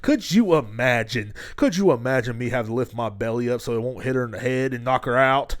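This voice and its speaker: A man's voice: medium pitch, lively intonation, brisk. A man hosting his own podcast, rambling and joking with heavy profanity, recorded at home. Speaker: podcast host. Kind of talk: casual comedic rant. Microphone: studio headphones and mic.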